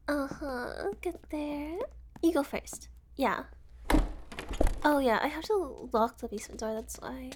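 A woman's voice: high voice, slow pace, pauses often, noisy background. A young woman voicing a cheerful, unhinged kidnapper who giggles, teases and keeps reassuring her guest. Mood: playful. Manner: giggly, teasing, falsely reassuring. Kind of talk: amateur audio role-play.

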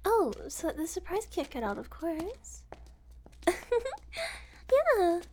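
A woman's voice: very high voice, very animated, slow, a little hiss or hum, heavily acted. A young woman voicing a cheerful, unhinged kidnapper who giggles, teases and keeps reassuring her guest. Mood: playful. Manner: giggly, teasing, falsely reassuring. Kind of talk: amateur audio role-play.

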